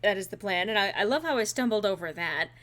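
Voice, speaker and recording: A woman's voice: medium pitch, expressive, quick pace, fairly bright tone, faint music behind. A woman streaming a game and chatting casually with a co-host and viewers, playful and full of fillers.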